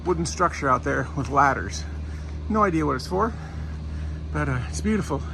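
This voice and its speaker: A man with a gravelly, slightly high voice talks to his camera while walking outside. His chat rambles and doubles back on itself, and clear traffic noise runs behind him on an outdoor recording. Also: lively intonation, moderate pace. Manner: rambling, chatty, self-correcting. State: sore foot while walking. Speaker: vlogger walking a pilgrimage route. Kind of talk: casual walking vlog. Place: outdoors by a port and industrial road.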